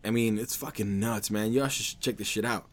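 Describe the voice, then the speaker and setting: A man's voice: lowish voice, steady tone, moderate pace. Profane, rambling male podcast host. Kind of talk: casual podcast monologue.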